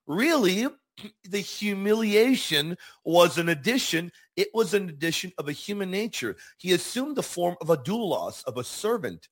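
A man's voice: high-pitched, breathy edge. A man hosting a Catholic teaching show, speaking earnestly and emphatically, repeating key words for stress. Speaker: show host.

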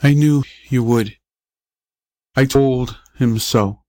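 A man voicing a frail, dying little boy who talks in a faint, slow whisper. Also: mid-range voice, mellow, dry recording, lightly acted. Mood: weak.

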